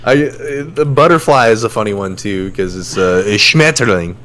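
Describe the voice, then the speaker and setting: A young man co-hosting a casual podcast, relaxed and chuckling, with lots of fillers. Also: lowish voice, normal speed, slight background noise. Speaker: podcast co-host.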